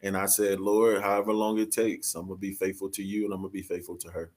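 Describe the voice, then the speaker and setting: A man's voice: low voice, flat delivery, quick pace, a little mellow. A man, a podcast guest, sharing a personal story in an earnest, heartfelt way and acting out quoted dialogue. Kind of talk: personal testimony in conversation.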